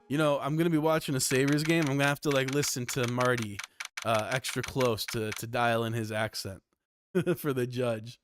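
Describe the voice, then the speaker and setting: A man's voice: mid-range voice, steady tone, moderate pace, over music. A Canadian man giving loose, profane commentary over a game playthrough, laughing often and rambling. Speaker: game streamer.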